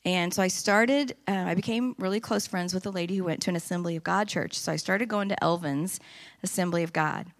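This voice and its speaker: A middle-aged woman giving a personal testimony at church, telling her story in an earnest, animated way. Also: on the low side, brisk.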